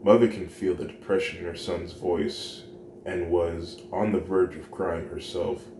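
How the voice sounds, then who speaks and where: A man slowly reading a fan fiction story aloud, voicing each character in his own plain voice. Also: low voice, steady tone. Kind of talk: slow scripted story reading. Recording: roomy home recording with noise.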